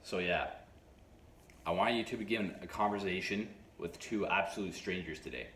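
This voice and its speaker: A man hosting a self-improvement channel, giving advice straight to camera in a halting way, restarting his phrases and taking measured pauses. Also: deep voice, fairly bright tone. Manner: halting, frequent restarts and stutters. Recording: echoey room with faint noise.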